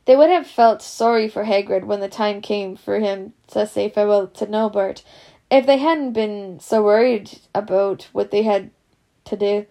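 A woman's voice: medium pitch, steady tone, moderate pace, creaky, warm tone. A woman reading a storybook aloud in a casual, unpolished way. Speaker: reader.

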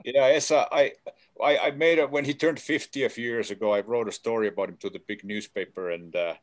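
A man telling stories in a casual chat, halting with many fillers and restarts. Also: medium pitch, steady tone.

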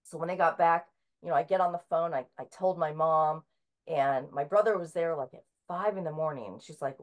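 A woman's voice: deep voice, moderate pace. A middle-aged woman author speaking as an interview guest, talking casually with many filler sounds and restarts.

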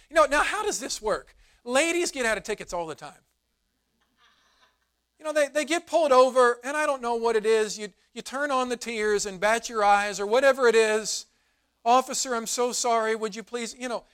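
A middle-aged man, a pastor preaching a sermon in a church, telling a folksy story in a relaxed, conversational way. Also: high voice. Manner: rises to emphatic preaching. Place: church sanctuary.

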